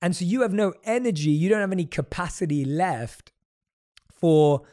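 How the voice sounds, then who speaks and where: Upbeat man, slightly high voice. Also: lively intonation, normal speed, mellow. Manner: enthusiastic, affirming, repeats phrases for emphasis. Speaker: podcast host. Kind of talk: casual conversation.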